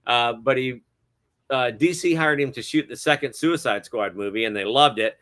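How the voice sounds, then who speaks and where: A man's voice: medium pitch, normal speed, a bit bright. A middle-aged man, a guest cinematographer, telling stories in a casual interview, rambling with many hesitant fillers and frequent chuckles.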